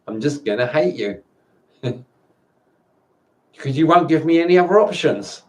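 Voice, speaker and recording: Man, fairly high voice, tired, halting repeats, swearing, personal monologue. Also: a little mellow. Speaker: vlogger. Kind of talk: emotional personal monologue to camera.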